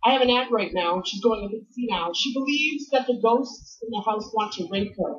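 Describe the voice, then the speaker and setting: A woman in her thirties performing a brash, animated stand-up comedy set, working the crowd on a comedy stage. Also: medium pitch, brisk. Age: 30s. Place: comedy club stage before a live audience. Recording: dull lo-fi TV broadcast.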